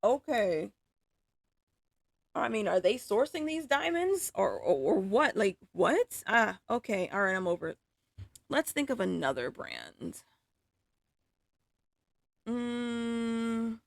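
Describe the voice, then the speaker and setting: Foul-mouthed woman livestreaming, gravelly and lively. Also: fairly high pitch, slow pace, pauses often, dry recording. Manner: swears freely, exclaims in disbelief. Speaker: livestreaming artist. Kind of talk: casual livestream chat.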